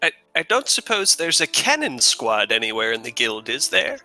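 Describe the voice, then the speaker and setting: A man voicing an excitable male gnome tinkerer during a tabletop role-play, with effusive high-pitched exclamations. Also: normal speed, faint music behind, exaggerated voice, low-quality recording. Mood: curious.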